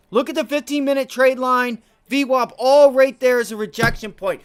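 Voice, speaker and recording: A man's voice: very high voice, steady tone, normal speed, few pauses, clear, resonant tone. A man streaming live day trades, venting with profanity and repeating himself in short bursts as he watches the chart. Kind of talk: live trading commentary.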